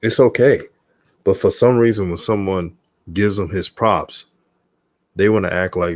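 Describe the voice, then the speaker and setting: Male host, very deep voice, dry close sound, measured questions. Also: a little mellow, dry recording. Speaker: show host. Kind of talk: interview question.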